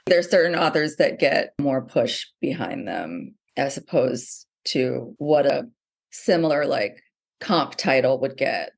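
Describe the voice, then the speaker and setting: A woman's voice: very deep voice, creaky. A middle-aged woman, a novelist being interviewed, talking animatedly with many fillers and restarts. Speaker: novelist guest. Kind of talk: conversational interview.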